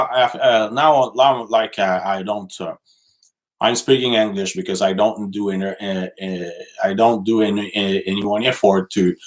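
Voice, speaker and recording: A man from Quebec City, a native French speaker, who speaks English with a Quebec French accent. He chats casually on a livestream, answering viewer comments in halting speech full of fillers and restarts. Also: on the low side. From Quebec City, Canada. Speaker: livestream host and journalist.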